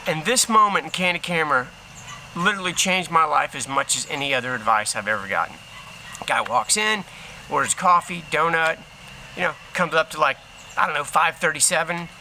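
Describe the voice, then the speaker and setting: Brief: man, motivational coach, loose slangy storyteller, very bright sound. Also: on the high side, measured pace, a little hiss or hum. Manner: animated storyteller, slangy, acts out quotes. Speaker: healing coach. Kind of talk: casual motivational talk.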